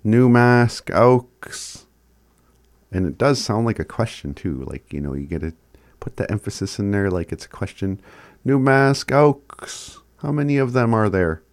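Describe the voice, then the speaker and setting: A man teaching phrases in a casual recorded lesson, chuckling often and sounding words out slowly. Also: low voice, lively intonation, darkish tone, dry recording. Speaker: language teacher.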